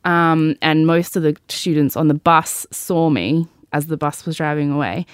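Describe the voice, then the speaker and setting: Low-voiced woman telling a story. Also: moderate pace, clean tone, no echo, studio quality. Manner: chatty, peppered with "like" and swearing. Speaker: podcast host. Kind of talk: personal storytelling in casual chat.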